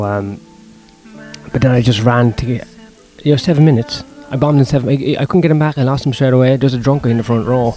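A young man, a stand-up comedian talking through his gigs in a casual, profane, self-deprecating ramble, with faint music behind him. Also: mid-range voice. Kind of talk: casual vlog monologue.

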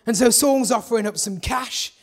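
A man preaching a sermon, energetic and full of rhetorical questions. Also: very high-pitched, moderate pace. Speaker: pastor.

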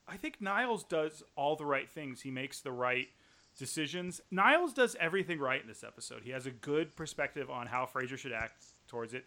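A man co-hosting a casual podcast chat about a TV show, animated and sometimes exasperated. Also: medium pitch, fairly quick. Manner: animated, rising to exasperated outbursts. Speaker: podcast co-host.

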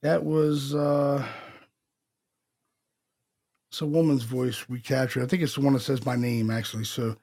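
Podcast host, male, gravelly, easygoing and loose with swearing. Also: mid-range voice, steady tone, unhurried, pauses often, a little mellow. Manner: laid-back, swears, laughs often. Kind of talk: casual chat.

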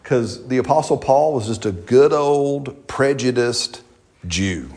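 Lively folksy male preacher. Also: medium pitch, takes it slowly. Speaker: pastor. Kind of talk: sermon.

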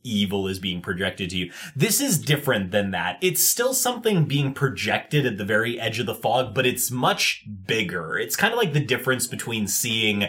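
A man's voice: on the low side, big pitch swings, moderate pace, hardly any pauses, bright, forceful tone. A man running a tabletop game as game master, narrating in a loose, descriptive way with many fillers.

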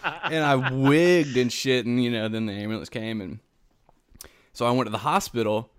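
A man's voice: fairly low pitch, fairly even intonation, fairly quick, clear, resonant tone, no echo, studio quality. A male podcast host telling a long personal story in casual chat, self-mocking and laughing as he goes.

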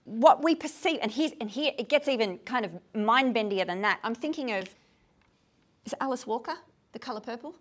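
A tired woman with a slightly high voice lectures a group on a poem. She talks in an animated way and keeps asking her listeners if they see what she means. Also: a little fast. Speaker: lecturer on poetry. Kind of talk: talk to a group. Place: room with a gathered group.

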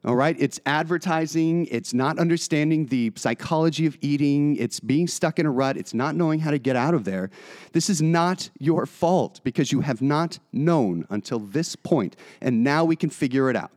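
A man with a fairly high voice talks like a blunt fitness coach in casual conversation. He is encouraging but swears freely, with a direct, no-nonsense manner. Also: moderate pace, darkish tone. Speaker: fitness coach and podcast co-host. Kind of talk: casual chat.

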